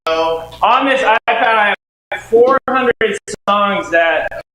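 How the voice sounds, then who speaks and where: A man in his forties teaching a live seminar room, telling animated stories and acting out dialogue with shifting voices. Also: high voice, takes it slowly. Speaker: real estate investing trainer. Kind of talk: storytelling lecture to a live audience. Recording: echoey room with faint background noise.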